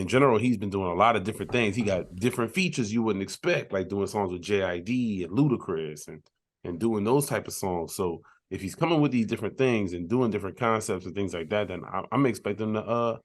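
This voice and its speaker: A man co-hosting a music podcast, talking in a relaxed, rambling way with frequent restarts. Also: fairly low pitch, fairly quick. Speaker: podcast co-host. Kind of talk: casual chat.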